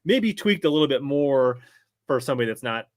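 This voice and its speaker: A man's voice: mid-range voice, expressive, brisk, dry recording, clean studio sound. A man interviewing a fishing guide, asking leading questions and checking in with "right?". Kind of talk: casual chat.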